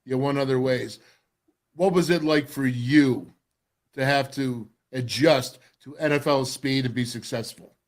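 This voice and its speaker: A male sports radio host with a medium-pitched voice interviews a guest. He is casual and chatty, and he pumps up his sign-offs with enthusiasm. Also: a little slow.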